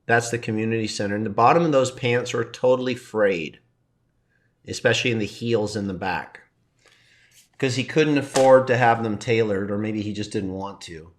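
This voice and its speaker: A man, a teacher and coach, telling a personal story in a halting, heartfelt way and pausing to compose himself as he gets choked up. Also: lowish voice. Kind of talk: emotional personal sharing.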